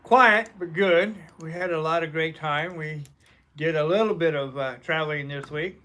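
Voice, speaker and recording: A man from the United States co-hosting a live webcast, easygoing and quick to agree. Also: on the high side, pushed and bright. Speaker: co-host. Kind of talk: casual live webcast chat.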